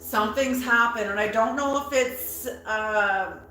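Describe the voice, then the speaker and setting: A woman giving a tarot reading in a slow, musing way, repeating her words and bursting into excitement now and then. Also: a little high, reverberant, a little hiss or hum, poor audio. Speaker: tarot reader.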